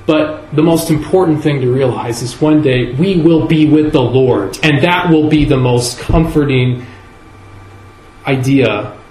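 A man preaching a sermon in a church, earnest and measured, leaning on key words with slow emphasis. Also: medium pitch, a little mellow, a little hiss or hum. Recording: echoey room with faint ambience.

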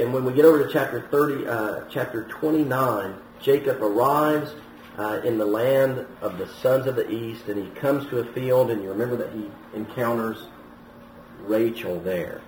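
A man's voice: medium pitch, a little mellow. Preacher man in a roomy hall. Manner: storytelling, with some restarts and raised quoted lines. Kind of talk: sermon. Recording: roomy, from a distance, faint noise.

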